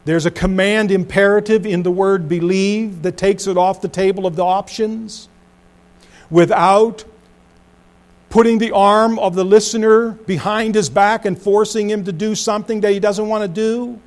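A middle-aged pastor delivers a sermon in a fairly high voice with a steady tone. His volume swings from emphatic and loud to low and hushed, and his pace quickens and slows as he hammers home each point.

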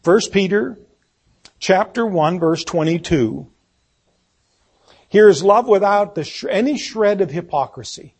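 Male preacher, sermon delivery, husky tone, pitched a bit high. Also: lively intonation, a little slow, pauses often, darkish tone. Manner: reads scripture aloud, repeats key words for emphasis.

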